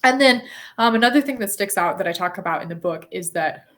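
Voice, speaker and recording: A woman's voice: fairly low pitch, animated, quick pace, fairly bright tone. Woman, 30s, podcast guest; earnest, reflective, filler-heavy delivery. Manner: earnest, thoughtful, frequent fillers and restarts. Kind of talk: conversational interview.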